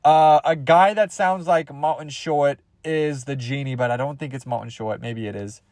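A man's voice: fairly high pitch, moderate pace, darkish tone, no echo. A young man hosting a podcast, rambling through crude, goofy comedy bits and jumping into silly voices. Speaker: podcast host.

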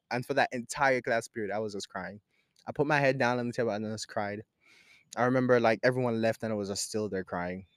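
Young man from Jamaica, casual storytelling, slangy, swings between laughing and hushed, dry close sound. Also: mid-range voice, no echo.

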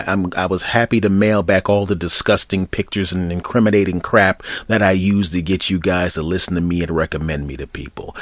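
A man with a lowish voice hosts a solo comedy podcast. He talks in a rambling, joking way and makes playful mock threats at his audience. The sound is dry and close. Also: dry recording. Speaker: podcast host.

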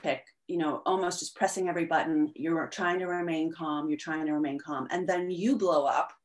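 Woman guest explaining stuff in an interview, lowish voice, lots of ums. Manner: explanatory, animated, with frequent fillers. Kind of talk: conversational interview.

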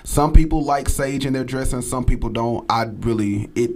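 A man's voice: medium pitch, normal speed. A man as a guest cook on a talk show, casually listing ingredients and prices with plenty of ums. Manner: relaxed, lists items and prices with fillers. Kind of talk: casual radio chat, recipe rundown.

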